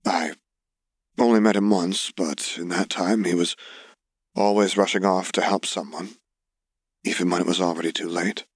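A man voicing a gentle, sad and proud aunt who speaks softly and quietly. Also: sits low, fairly even intonation, normal speed, long pauses, husky, dry recording. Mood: tender, sad. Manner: soft and quiet.

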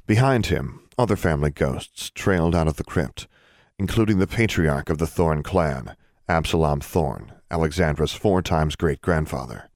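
A man narrating an audiobook in an even, measured reading. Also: a bass voice, no room sound, studio quality. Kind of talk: scripted narration.

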